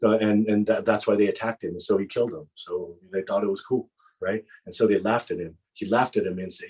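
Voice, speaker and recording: A man narrating a Muharram mourning sermon with impassioned storytelling, repeating phrases for emphasis and often halting mid-sentence. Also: on the low side, fairly even intonation, darkish tone, slightly rough, rough recording. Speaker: majlis speaker.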